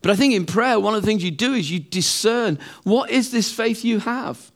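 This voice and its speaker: A man's voice: high-pitched, animated, normal speed. A middle-aged man preaching a sermon in a conversational way, acting out the voices of other people.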